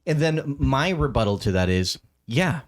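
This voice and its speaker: Male podcast co-host, casual chat, rambling and halting, lively swooping pitch. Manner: rambling, halting, with many restarts and laughs.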